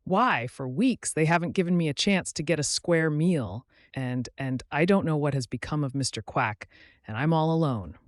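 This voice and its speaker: A nervous, distrustful duck lady who frets and insists, put on by a man reading a storybook. She talks raised and a bit high, never settling. The sound is close and dry. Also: normal speed, no echo, natural voice. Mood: fretful. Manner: fretful, tearful and insistent. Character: anxious, distrustful female duck far from home.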